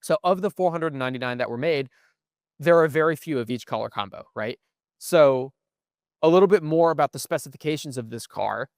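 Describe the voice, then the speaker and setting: A man's voice: on the high side, fairly quick, dry recording, studio quality. A young man co-hosting a podcast, explaining things at length in casual chat and often asking "right?". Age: young adult. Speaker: podcast co-host. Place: museum.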